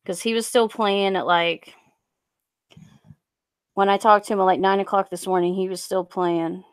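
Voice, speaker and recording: A young woman on a casual live stream, rambling and halting with lots of fillers as she reads out viewer comments into a USB desk mic. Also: medium pitch, fairly even intonation, clear, resonant tone, dry recording.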